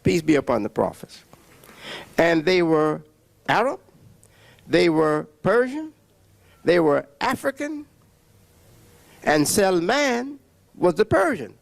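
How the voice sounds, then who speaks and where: A man preaches in a fairly high, gravelly voice, leaning hard on words and pausing often between phrases. His pitch swoops up and down as he drives his points home. The sound is dry and close. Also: very animated, no room sound. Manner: emphatic with long pauses and repetitions. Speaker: religious speaker. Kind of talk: preaching religious lecture.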